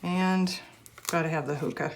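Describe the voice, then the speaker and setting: A woman's voice: low voice, fairly even intonation, moderate pace, slight background noise. A woman hosting a casual crafting vlog, giggling and gushing as she squeals over cute stickers. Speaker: crafting channel host.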